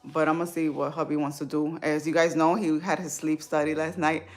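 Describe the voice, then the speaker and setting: Woman, casual live stream, informal, emotional, chatty, lowish pitch. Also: little pitch movement, brisk. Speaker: livestream host. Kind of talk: casual live chat with viewers.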